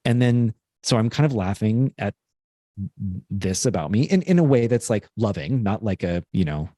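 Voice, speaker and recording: Low-voiced earnest man on a podcast. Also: expressive, moderate pace, dark tone, no room sound, clean studio sound. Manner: earnest, rambling with many fillers and asides. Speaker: podcast co-host. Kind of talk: casual reflective podcast chat.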